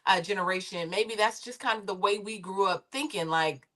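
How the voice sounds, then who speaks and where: A woman on a discussion panel who used to produce reality television. She talks in a loose, rambling, conversational way, with her voice at a middle pitch. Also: moderate pace, a bit bright. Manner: rambling and conversational, with many fillers and restarts.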